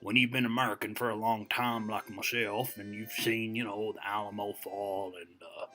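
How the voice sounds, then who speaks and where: A man's voice: fairly low pitch, fairly even intonation, moderate pace, sharp tone, faint music behind. A man playing a very old, boastful American storyteller who rambles and digresses in a folksy way, full of "you know" fillers. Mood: rambling. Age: over 60. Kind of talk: comedic character monologue.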